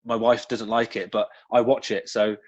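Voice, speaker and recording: Here the ex-footballer's voice sits fairly low and moves at a moderate pace, captured dry with the highs cut off. With his West Country accent, he gives casual interview answers as a guest, spinning animated anecdotes broken up by frequent ums and restarts.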